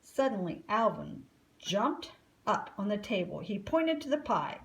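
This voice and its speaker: A woman reading a children's storybook aloud, expressive and unhurried. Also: medium pitch, rough recording.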